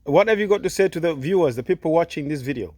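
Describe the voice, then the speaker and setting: A man's voice: a little high, expressive, fast, darkish tone, no echo. A man hosting a casual gardening vlog outdoors, chatty and full of questions. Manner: chatty, asks lots of questions. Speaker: video host helping with gardening.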